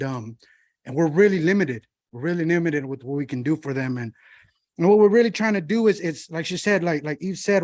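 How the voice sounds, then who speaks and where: A man's voice: a little high, dry recording, clean studio sound. A man, a shelter monitor, giving a heartfelt public comment at a city council meeting, often saying "you know.".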